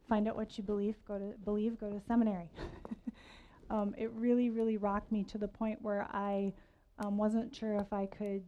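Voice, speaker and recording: A middle-aged woman giving a personal storytelling sermon at a faith gathering, chatty and self-deprecating. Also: medium pitch. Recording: slightly muffled recording.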